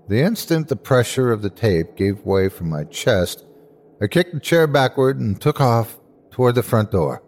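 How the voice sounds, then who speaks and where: A man hosting and narrating a scripted horror story with a measured, suspenseful delivery. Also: mid-range voice, sing-song, darkish tone. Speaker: host and narrator.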